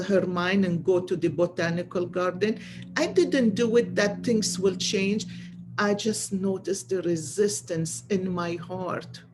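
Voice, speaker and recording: A woman's voice: mid-range voice, slight background noise. A woman earnestly telling a personal spiritual story to viewers, repeating phrases for emphasis. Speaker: spiritual channel host.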